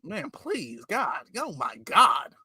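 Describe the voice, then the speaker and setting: A man's voice: on the high side, huge pitch swings, slow, sharp tone, husky, dry recording, studio quality. A man hosting a reaction video, talking back at a clip in a mocking, exasperated way. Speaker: reaction channel host. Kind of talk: casual reaction commentary.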